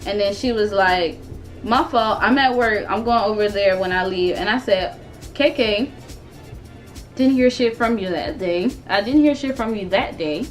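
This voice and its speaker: A woman in her twenties telling a storytime vlog in a casual, animated, profane way, often laughing as she talks. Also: mid-range voice, a little slow, soft background music. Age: 20s. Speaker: vlogger.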